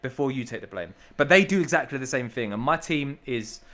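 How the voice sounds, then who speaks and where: A man's voice: medium pitch, lively intonation, a little fast, fairly bright tone. A man, a business owner, talking as a podcast guest in an enthusiastic, emphatic way, repeating himself and calling the host bro. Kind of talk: casual podcast chat.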